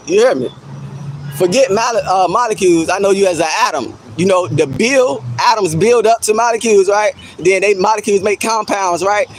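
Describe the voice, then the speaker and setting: A man with a fairly high voice talks casually to his livestream chat, teasing them and repeating his jabs. He is outdoors, with a faint noise behind him. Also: brisk, rough recording.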